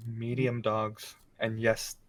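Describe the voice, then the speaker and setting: A young man co-hosting a casual chat show, answering rapid questions with dry wit and some laughter. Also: on the low side, monotone. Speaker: podcast co-host.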